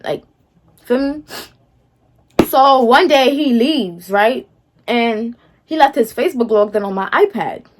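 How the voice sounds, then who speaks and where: With some background noise behind her, a young storytime vlogger speaks slowly, leaving long pauses, in a slightly high voice with lively intonation. Her personal story comes across sassy, slangy and dismissive, aimed directly at viewers with repeated "feel me?".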